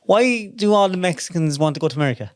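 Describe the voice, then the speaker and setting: A woman's voice: lowish voice, lively intonation, fast talker. A woman hosting a podcast, blunt and teasing, swearing freely in casual chat. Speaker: podcast host.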